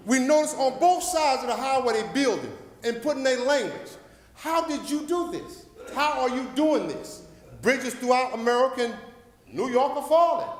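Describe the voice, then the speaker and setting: At a city council meeting, a Paterson, New Jersey man delivers a fervent, rambling public comment like a preacher, his very high voice swelling and dropping in loudness. The council chamber is echoey, with long reverb.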